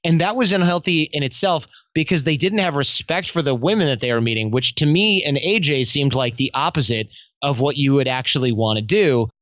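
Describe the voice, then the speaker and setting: A man talking as a guest in a casual podcast interview, telling stories in a lively, slangy way. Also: mid-range voice, fairly quick, no echo, dull audio. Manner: animated, slangy storytelling. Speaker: podcast guest, self-development coach.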